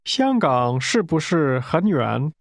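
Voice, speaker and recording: A man with a gravelly voice modeling phrases for a language course, carefully enunciated. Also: on the high side, very animated, takes it slowly, no room sound, clean studio sound. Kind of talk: slow model pronunciation.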